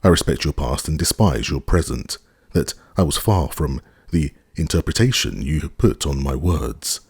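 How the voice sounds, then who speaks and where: A man's voice: very deep voice, lively intonation, normal speed, vocal fry, darkish tone, breathy edge, dry recording, heavily acted. A man voicing a cold, sarcastic middle-aged husband in an audiobook, stiff and contemptuous. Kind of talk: audiobook character reading.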